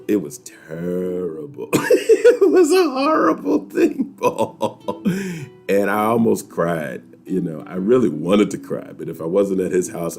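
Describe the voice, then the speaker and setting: Deep gravelly man telling a story. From New York. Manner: animated, laughing, talks straight to viewers. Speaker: host of a weekly chat. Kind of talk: casual storytelling to viewers.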